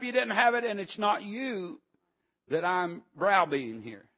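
A middle-aged man preaching a rambling, impassioned revival sermon, often shouting and breaking into amens. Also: sits high, unhurried.

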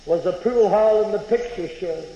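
A man preaching a revival sermon, telling a story with dramatic swings between loud outbursts and hushed near-whispers. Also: sits high, moderate pace, lo-fi sound. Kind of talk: sermon testimony. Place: large revival tent. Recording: echoey tent with long reverb.

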